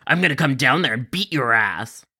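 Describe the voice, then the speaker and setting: A rude, threatening male customer, as a man puts him on. He sneers and taunts in a mid-pitched voice and swears casually. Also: expressive, normal speed, bright, forceful tone, breathy edge, exaggerated voice. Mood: sneering.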